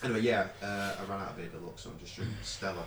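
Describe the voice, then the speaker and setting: Chatty male host, lowish voice, mic far off in an echoey, noisy room. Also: rapid-fire, gravelly, fairly bright tone. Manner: chatty, directs the session. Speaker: stream host recording vocals. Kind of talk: casual studio chat. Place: home studio.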